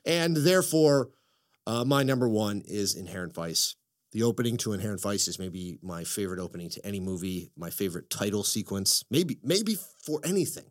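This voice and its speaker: A man hosting a casual podcast chat, excitable and profane, telling stories with lots of energy. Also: fairly low pitch, fairly quick. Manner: excitable, profane, animated storytelling. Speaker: podcast host.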